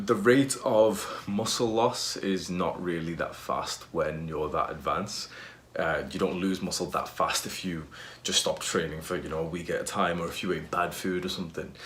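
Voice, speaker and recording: A man's voice: low-pitched, fairly bright tone, slight background noise. A young man in his twenties talking casually in a fitness vlog, loose and profane, with lots of fillers. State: out of breath after push-ups. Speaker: fitness vlogger.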